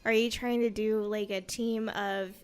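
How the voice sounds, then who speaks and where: A young woman co-hosting a casual game commentary, animated and enthusiastic, often talking over her co-hosts. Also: medium pitch, a little slow. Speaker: co-host.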